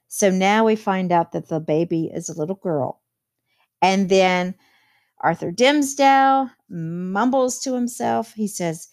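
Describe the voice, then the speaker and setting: A woman's voice: medium pitch, takes it slowly, darkish tone. A woman teacher explaining a novel chapter to her students, reading quotes aloud and adding plain commentary.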